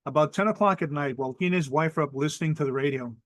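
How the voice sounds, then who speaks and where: Brief: male storyteller from Hawaii, slightly high voice, measured and vivid ghost-story delivery on a dry video call mic. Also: no echo. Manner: measured, vivid, acts out quoted people.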